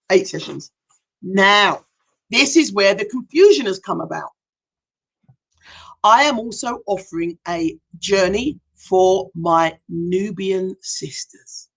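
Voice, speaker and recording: A woman's voice: mid-range voice, a bit bright. A middle-aged woman, a hypnotherapist and life coach, speaking earnestly and emphatically to viewers on a live stream, often asking them direct questions. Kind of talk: heartfelt motivational live talk.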